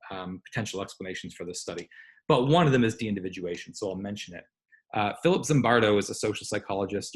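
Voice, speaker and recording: A man lecturing on psychology online in a conversational way, explaining with examples and asides and often pausing on "um" or correcting himself. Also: on the low side. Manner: frequent "um" fillers and self-corrections.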